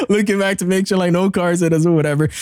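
A male podcast host telling a story in casual, slangy talk. He laughs often and jumps into high, excited voices when he acts out his own reactions. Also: clean tone, dry recording, studio quality. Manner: slangy and loose. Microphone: desk mic he bumps.

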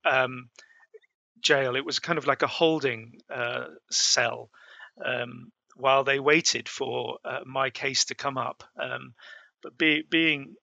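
Gravelly man telling travel stories. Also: mid-range voice, fairly even intonation, slow pace, pushed and bright, no echo, dull audio. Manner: hesitant, many fillers and restarts. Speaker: interview guest. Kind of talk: storytelling in a conversation.

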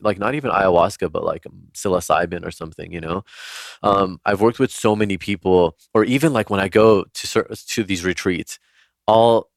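A man with a very deep voice, recorded dry and close, tells stories as a podcast guest. He rambles casually and leans on "like" over and over. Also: gravelly, no room sound. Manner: rambling, heavy use of "like". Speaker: podcast guest, spiritual healer. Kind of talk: casual storytelling.

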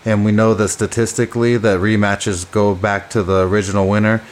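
A man's voice: fairly low pitch, flat delivery, fairly quick. A man co-hosting a casual podcast, talking about fighters with enthusiasm. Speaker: podcast co-host.

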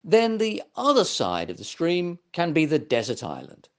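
A man's voice: fairly high pitch, wildly swooping pitch, moderate pace, pitched above the performer's own voice. A man voicing Gumper, a bossy toy bear who leads the others, in a raised voice for a storybook.

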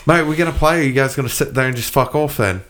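A man's voice: medium pitch, quick pace, a bit bright, voice pushed up, natural voice. A man putting on a swaggering alter ego with a British-style accent, full of slang and swearing. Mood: impatient. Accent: British-style put-on.

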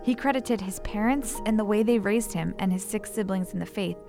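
A woman reading scripted documentary narration in an even, measured way. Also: mid-range voice, creaky, over music.

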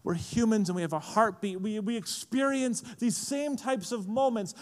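A man preaching a sermon, swinging from quiet, low asides to impassioned, rising appeals. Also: moderate pace, hardly any pauses. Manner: impassioned, rising to shouts then dropping low. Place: large event hall.

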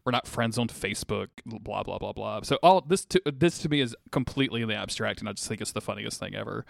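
A man's voice: lowish voice, animated, fast talker, vocal fry, no room sound. A man co-hosting a podcast, talking in a rambling, hesitant way full of fillers. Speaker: podcast co-host. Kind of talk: casual chat.

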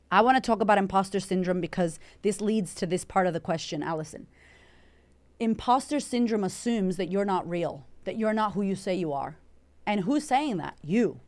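A woman from Puerto Rico, a confidence coach hosting an Instagram live Q&A, talking in a brash, energetic way full of swearing while she answers viewer comments. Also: medium pitch. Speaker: confidence coach and podcast host.

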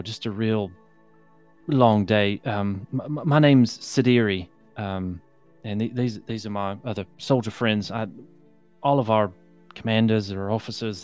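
A man's voice: on the low side, darkish tone, clear, resonant tone, lightly acted. A man voicing a tired, shaken young soldier who stammers through his words. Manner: halting, stammering, nervous. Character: weary young male soldier at a keep.

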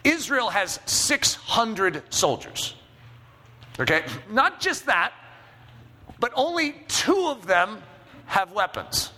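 A man's voice: sits high, big pitch swings, slow, pauses often, pushed and bright, long reverb tail. A man preaching a sermon, telling a personal story with self-mocking humor and checking in with the congregation. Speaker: pastor.

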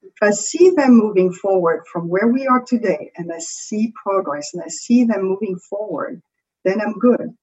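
A woman's voice: mid-range voice, animated, moderate pace, a little mellow, breathy edge, low-quality recording. A woman with a French accent, a creativity coach, explaining ideas in a conversational interview and often checking in with "right?".

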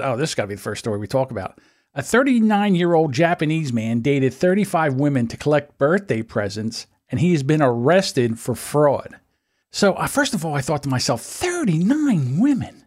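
A man, co-host of a podcast, telling stories in an animated, profane, casual way. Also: on the high side, a little fast. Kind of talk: casual chat.

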